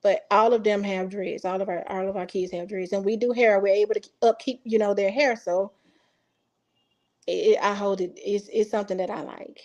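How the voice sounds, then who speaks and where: A woman's voice: mid-range voice, fairly even intonation, brisk, a little mellow, muffled recording. A woman, a mother from Texas, telling a personal story in casual speech and acting out the quoted dialogue with feeling. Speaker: interview guest. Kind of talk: casual recounting.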